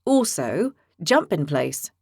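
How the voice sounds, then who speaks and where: A woman voicing a cheerful imprisoned man who talks in halting, broken short phrases. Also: deep voice, very animated, vocal fry, darkish tone, husky, no room sound, clean studio sound, voice pushed down, exaggerated voice. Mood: plain.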